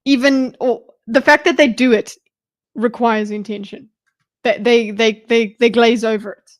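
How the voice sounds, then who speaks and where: A woman's voice: on the high side, steady tone, a little slow. A woman streamer talking casually as she reads out and picks apart a debate, with joking asides and half-muttered notes to herself. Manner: chatty, muttering asides while reading along. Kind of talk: casual livestream commentary.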